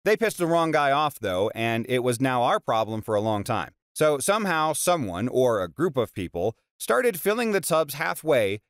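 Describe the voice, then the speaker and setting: A man's voice: mid-range voice, very animated, normal speed, few pauses, fairly bright tone, no room sound, studio quality. A man reading out internet stories as a channel narrator, with wry asides between tales. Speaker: story narrator.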